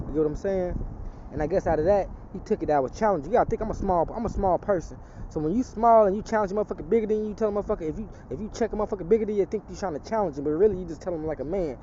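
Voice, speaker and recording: A man's voice: high-pitched, rapid-fire, highs cut off, background noise. A man telling a personal testimony in casual street talk, rambling and profane, slipping into an emphatic preaching tone.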